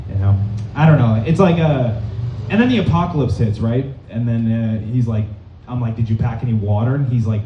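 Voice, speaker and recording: A young man from Massachusetts doing a rambling stand-up set in a comedy club, deadpan and full of fillers. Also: medium pitch, brisk, slight background noise. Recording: dull, roomy, distant club recording.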